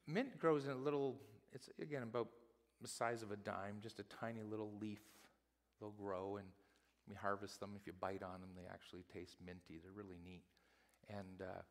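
A male pastor preaching a sermon in a church, telling stories with animated delivery and acting out the people he quotes. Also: on the low side. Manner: animated storytelling, acts out quotes. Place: church sanctuary. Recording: long hall reverb in a church.

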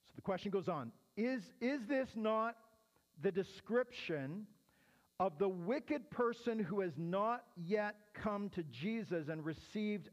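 A man's voice: high-pitched, in a large hall, lo-fi sound. A man teaching as a pastor answering questions, explaining step by step and often checking in with "right?". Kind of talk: teaching sermon.

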